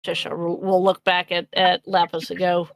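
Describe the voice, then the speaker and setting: A woman's voice: fairly low pitch, little pitch movement, normal speed, creaky, no echo, poor audio. A woman playing a tabletop role-playing game over voice chat, describing her character's actions with many fillers and restarts. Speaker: player.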